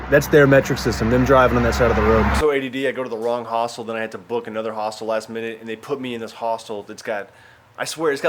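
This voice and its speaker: Fast-talking comedian vlogging on the go. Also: male voice, medium pitch. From Arkansas, US. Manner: animated, profane storytelling. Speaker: stand-up comedian. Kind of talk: casual travel vlog. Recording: noisy ambient background.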